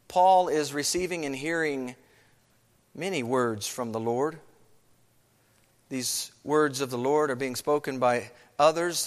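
A man's voice: on the high side, fairly bright tone, long reverb tail. A man preaching a sermon as pastor, earnest, with many rhetorical questions.

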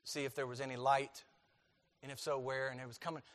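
A middle-aged male pastor preaching a sermon in a church, emphatic, repeating key phrases and swinging between loud and quiet. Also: medium pitch, little pitch movement, fairly quick. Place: church sanctuary. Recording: long hall reverb.

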